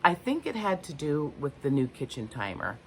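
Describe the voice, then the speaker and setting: Older woman, low voice, unscripted self-reflective vlog talk, meandering and frank. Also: very animated, moderate pace, a little hiss or hum. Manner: candid, rambling, searching for words. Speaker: vlogger. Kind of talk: unscripted personal talk to camera.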